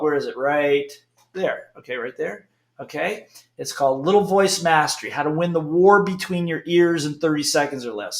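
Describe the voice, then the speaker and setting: Middle-aged guy giving a pep talk, punchy and animated, keeps asking okay?, slightly high voice, echoey room. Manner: emphatic, animated, frequent "okay?" checks. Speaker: speaker. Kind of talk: motivational talk.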